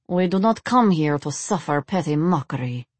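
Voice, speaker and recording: A poised vampire princess, as a woman reading a storybook puts her on, speaks with a cultivated Russian accent. Her tone stays cool and placid, low in pitch, in a dry, close-miked room. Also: animated, moderate pace, husky, no room sound.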